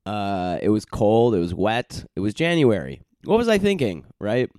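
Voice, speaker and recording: A man's voice: lowish voice, very animated, normal speed, dark tone, no echo, clean studio sound. A man hosting his own podcast, rambling in a loose, chatty way with plenty of fillers and restarts. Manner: loose and chatty, with many fillers and self-corrections. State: recovering from a cold and jet lag. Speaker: podcast host. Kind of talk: casual rambling monologue.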